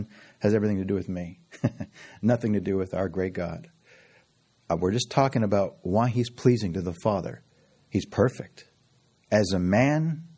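A man's voice: lowish voice, warm tone, husky. A middle-aged man preaching a sermon fervently, repeating phrases and laughing often. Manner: fervent, with frequent laughs and repetition.

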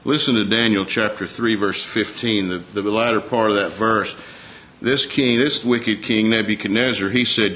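A man preaching a sermon in a conversational way, asking the congregation rhetorical questions and reading scripture aloud more slowly. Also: lowish voice, fairly even intonation, a bit bright. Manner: reads scripture aloud in a slower, raised voice.

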